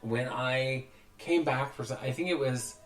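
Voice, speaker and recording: A man's voice: mid-range voice, unhurried. A man hosting a podcast, telling a long story in casual chat, acting out the voices of the people in it and swearing freely. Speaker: podcast host. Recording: roomy echo with faint music.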